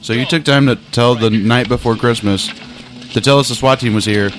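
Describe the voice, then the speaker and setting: A man's voice: mid-range voice, a little fast, a little hiss or hum. A young man casually riffing and joking while commenting on a movie, laughing often. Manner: jokey, laughs often, riffs. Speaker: commentary host.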